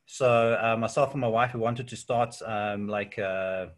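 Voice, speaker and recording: A man's voice: on the low side, a little slow. A South African man in a casual interview, telling stories with lots of "yeah" and "um". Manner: relaxed storytelling with frequent fillers and "yeah". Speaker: interview guest. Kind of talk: casual chat.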